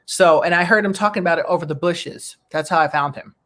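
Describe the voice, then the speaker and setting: A middle-aged woman from the New York area hosting a talk show, telling stories in a lively, animated way. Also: fairly low pitch, fast. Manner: animated storyteller who acts out quoted voices. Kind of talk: casual chat, storytelling.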